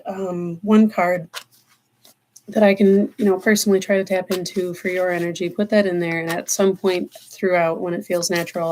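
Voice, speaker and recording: Earnest woman tarot reader, slow emphasis. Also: on the low side, darkish tone, slight background noise. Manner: earnest, meandering, slows down for emphasis. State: choked up, near tears. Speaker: tarot reader livestream host. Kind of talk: live-stream spiritual talk.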